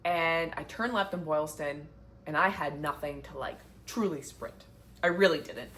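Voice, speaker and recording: A woman's voice: low voice, moderate pace, a bit bright. A young woman talks to the camera in a casual sit-down chat, chatty and heartfelt, with lots of "like" fillers. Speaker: vlogger, marathon runner. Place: indoors, sitting down. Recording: faint background noise.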